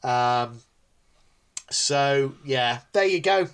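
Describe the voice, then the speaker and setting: A man co-hosts a relaxed podcast chat, talking in a halting way full of ums and restarts. His voice sits at a middle pitch for a man. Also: smooth. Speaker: podcast co-host.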